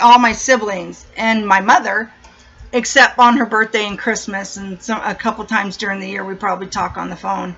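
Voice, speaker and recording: Woman, middle-aged, high-pitched, sharp tone, blunt profane storytelling, casual vlog chat, muffled recording. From San Diego, USA. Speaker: vlogger. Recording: dull lo-fi recording.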